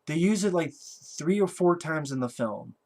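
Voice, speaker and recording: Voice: mid-range voice, expressive, moderate pace, a little mellow. A film reviewer giving a casual movie review rant, talking in a blunt, sarcastic way with a lot of swearing.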